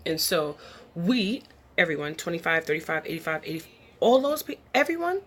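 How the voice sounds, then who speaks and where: A woman's voice: lowish voice, very animated, moderate pace, a bit bright, a little hiss or hum. A woman hosting her own online show, talking in a chatty, rambling and upbeat way. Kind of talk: casual vlog monologue.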